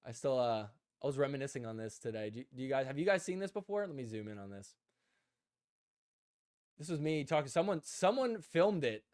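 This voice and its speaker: A young man chats on a live stream, telling stories with animation and slipping into quoted voices as he goes. His pitch sits in the ordinary middle range for a man. The sound is dry and close, with no room in it. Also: a little fast, dry recording. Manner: animated storyteller, acts out quotes, laughs often. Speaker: host. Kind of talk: casual live-stream chat.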